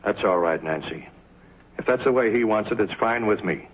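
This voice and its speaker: An actor playing a blunt, weary male talent agent in an old TV drama, with a husky voice and clipped, dry delivery. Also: fairly low pitch, moderate pace. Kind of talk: 1950s TV drama acting. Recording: dull lo-fi old TV soundtrack.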